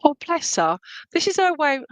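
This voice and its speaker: A woman's voice: high voice, very animated, normal speed, dry recording, poor audio. A middle-aged woman serving as a spiritualist medium, giving rambling, affectionate clairvoyant readings at an online church service, with many fillers and restarts.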